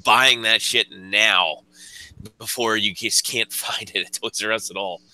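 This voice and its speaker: A man speaks bluntly on a casual group podcast, cursing offhand. His voice is very bright and sharp. The sound is dry and close to the mic. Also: on the low side, fairly even intonation, measured pace, no echo. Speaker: podcast panelist. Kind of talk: casual panel chat.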